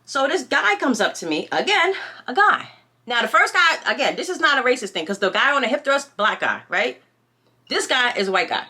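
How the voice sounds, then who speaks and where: A woman's voice: high-pitched, big pitch swings, brisk, pushed and bright, husky. A young woman telling a storytime in casual, outspoken, slangy chat as a vlogger.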